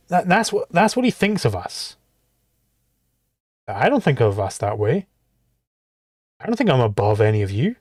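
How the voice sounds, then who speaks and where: A man's voice: medium pitch, sing-song, normal speed, long pauses, darkish tone, no echo, studio quality. Fiery, swearing man ranting live. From outside the US. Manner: heated, profane, rhetorical. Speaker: livestream host reacting to a clip. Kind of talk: livestream reaction rant.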